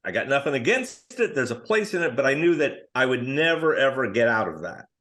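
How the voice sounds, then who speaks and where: Middle-aged man telling animated stories. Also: medium pitch, brisk. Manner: animated anecdotes, acting out other people's lines. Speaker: guest screenwriter. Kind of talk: casual podcast storytelling.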